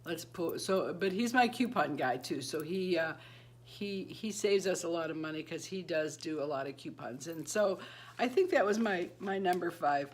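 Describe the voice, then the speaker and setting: A woman's voice: fairly low pitch, expressive, normal speed. A woman in her fifties, recently retired, chatting to camera in a rambling way and laughing often. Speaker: beauty vlogger. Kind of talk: casual chat to camera.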